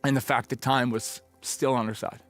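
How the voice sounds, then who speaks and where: Middle-aged guy preaching, just telling a story casual-like, medium voice, bit of music low in the back. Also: flat delivery, moderate pace, fairly bright tone. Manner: conversational, reflective storytelling with acted-out quotes. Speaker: pastor. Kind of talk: storytelling sermon.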